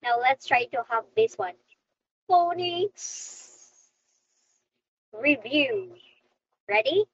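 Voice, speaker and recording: High-pitched slow sing-song woman teacher. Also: lively intonation, dry recording, dull audio. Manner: slow, sing-song, cheerful coaxing of a young pupil. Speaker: online English teacher. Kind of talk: online children's lesson.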